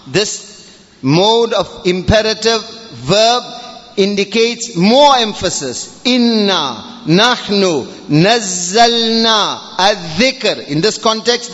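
A male preacher delivers a Friday sermon with mounting passion, his voice high and bright as he hammers each point home. The recording sounds dull and lo-fi, with long reverb trailing off the walls of a large prayer hall. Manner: impassioned, emphatic, swelling to near-shouts. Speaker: imam giving a Friday sermon.

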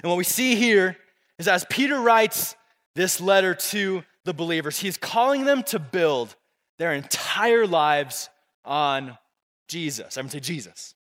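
A man's voice: high voice, expressive, unhurried, fairly bright tone. A young man preaching a casual youth sermon as pastor, often asking the crowd to repeat words after him. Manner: casual, repetitive, call-and-response with the crowd. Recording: long reverb of a big room.

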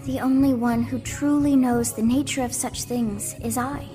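A woman reading aloud as an ancient goddess girl, in a slow, solemn and mournful way. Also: a little high, steady tone, pitched above the performer's own voice, natural voice. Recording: music playing underneath. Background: music.

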